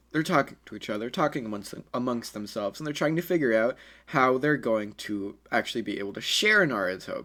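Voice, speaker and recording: A man's voice: medium pitch, pushed and bright. A man telling an improvised fan story in a casual, rambling way, with many fillers and self-corrections.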